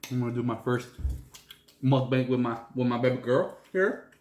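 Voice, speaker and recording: A man's voice: mid-range voice, background noise. A man chatting casually at home while eating a seafood meal on camera, talking with his mouth full and dropping Spanish exclamations between bites. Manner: slow and relaxed, mixing in Spanish exclamations. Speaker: food vlogger. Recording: roomy echo.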